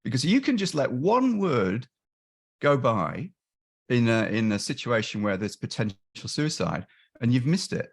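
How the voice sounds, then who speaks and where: A man on a webinar video call, explaining his years of crisis line volunteering, with frequent restarts and quick acted-out quotes of callers and helpers. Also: medium pitch, very animated, creaky. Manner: frequent restarts and self-corrections. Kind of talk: webinar discussion.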